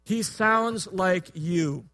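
A man with a strikingly high, bright voice for a man preaches a sermon very slowly in a relaxed, conversational style. He jokes with listeners, asks them questions, and moves easily between teaching and humor.

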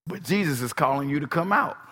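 A man preaching a sermon, swinging between soft, low asides and shouted, emphatic lines. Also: animated, fairly quick, husky, long reverb tail.

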